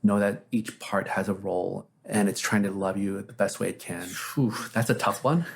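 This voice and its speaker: A man's voice: fairly low pitch, moderate pace, creaky, husky. A man, a therapist, telling anecdotes as an interview guest in a casual, reflective way with frequent fillers.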